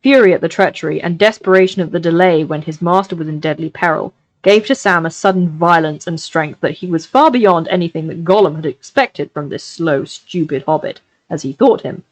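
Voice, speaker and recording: A woman reads a novel aloud on a live stream with an expressive delivery. Her voice sits somewhat low, and she slows down and draws out the dramatic passages. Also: dry recording, rough recording. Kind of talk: live-streamed book reading.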